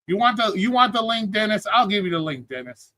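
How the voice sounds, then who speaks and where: A man hosting a live stream pushes his point in a blunt, cursing, lecturing way. His voice sits high and bright. The sound is dry and close, with no room around it. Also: big pitch swings, a little fast, dry recording. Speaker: streaming show host. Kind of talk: heated livestream argument.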